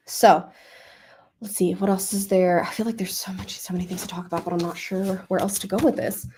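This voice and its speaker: A young woman hosting a book club, talking casually and emotionally about a novel, with many fillers and pauses to think. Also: mid-range voice, steady tone, a little mellow, a little hiss or hum. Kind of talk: casual book review livestream.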